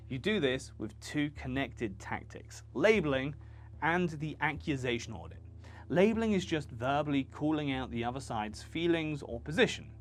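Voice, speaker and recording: A man hosting a video lesson for freelancers, talking in a punchy, emphatic, conversational way. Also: medium pitch. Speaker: channel host teaching freelancers.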